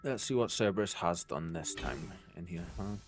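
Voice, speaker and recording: A man's voice: low voice, animated, moderate pace, faint music behind. A man streaming a video game, chatting casually to his viewers as he plays. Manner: chatty, talks to chat while playing. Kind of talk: casual let's-play commentary.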